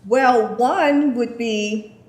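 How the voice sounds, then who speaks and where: Her words drawn out and her high-leaning voice a little mellow, a woman vlogger fields viewer questions in a chatty, emphatic way. She repeats "I kid you not" and often asks "okay?", recorded in an echoey room.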